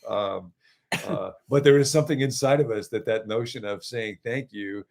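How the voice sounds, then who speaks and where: A man's voice: mid-range voice, fairly quick, creaky, a little mellow. A middle-aged man, a pastor, co-hosting a livestreamed devotional talk and teaching in a conversational way with asides to viewers. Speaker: pastor and co-host.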